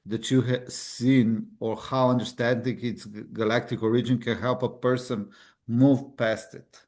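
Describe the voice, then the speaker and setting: A man's voice: mid-range voice, little pitch movement, a little slow, darkish tone. A man hosting a casual interview, talking loosely with lots of fillers. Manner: loose, filler-heavy chat. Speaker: host.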